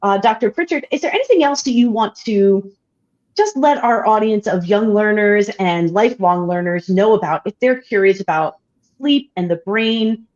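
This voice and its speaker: A woman's voice: medium pitch, animated, normal speed. A woman hosting a science livestream, asking questions and thanking the audience with enthusiasm. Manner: enthusiastic, warm interjections. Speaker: livestream host. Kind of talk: livestream interview. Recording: dull, muffled audio.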